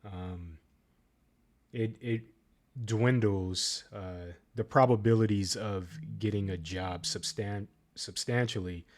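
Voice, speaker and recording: A man's voice: on the low side, fairly even intonation. A man hosting a reaction video, commenting casually with frequent ums and uhs and restarts. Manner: halting, many ums and uhs. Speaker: reaction channel host.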